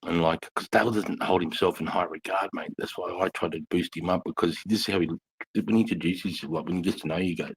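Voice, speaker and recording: Husky middle-aged Australian man, podcast co-host, profane and matey. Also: very deep voice, fairly even intonation, fairly quick. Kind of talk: casual storytelling.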